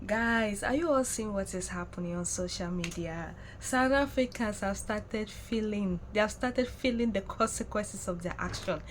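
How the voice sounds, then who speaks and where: Brief: young woman, casual vlog chat, teasing and excitable, slight hiss. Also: mid-range voice, moderate pace, few pauses. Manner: chatty, excitable, mocking, laughs often. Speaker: vlogger.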